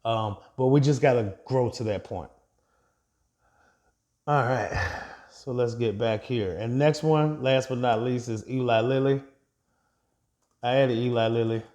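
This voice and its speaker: A man's voice: medium pitch, unhurried, pauses often, a little mellow. Chatty man giving a casual portfolio update. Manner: chatty, addresses viewers directly, laughs at own slips. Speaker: investing vlogger.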